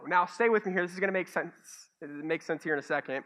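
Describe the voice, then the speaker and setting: Bright-voiced male pastor preaching. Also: a little high, fast, hardly any pauses. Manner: animated storytelling with self-mocking humor. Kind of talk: sermon. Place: church stage.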